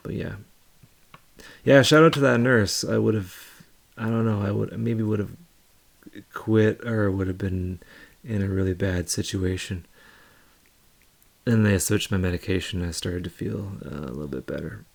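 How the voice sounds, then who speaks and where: A man's voice: fairly low pitch, moderate pace, creaky, pauses often. A young man hosting a live stream, telling a loose, rambling story in casual chat with many fillers.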